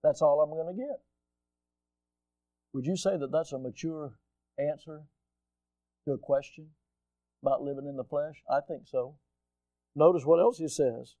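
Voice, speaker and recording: Preacher, male, high voice, dry close sound, emphatic sermon delivery. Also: a little slow, pauses often, dark tone, no echo. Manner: emphatic preaching, mock-quoting people in put-on voices. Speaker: pastor.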